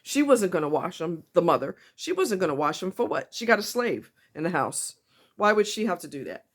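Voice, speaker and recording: Emotional woman vlogger, halting and blunt. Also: lowish voice, sing-song. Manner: halting, frequent ums and restarts, blunt swearing. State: emotional, tight throat. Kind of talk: personal confessional vlog.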